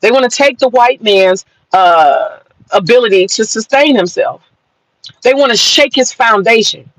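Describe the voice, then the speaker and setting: High-voiced woman ranting on a live stream. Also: lively intonation, unhurried, a bit bright, no room sound, poor audio. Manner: mocking, profane, bursts into long laughter. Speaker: livestreamer. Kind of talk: live-stream rant to viewers. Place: parked car in a parking lot.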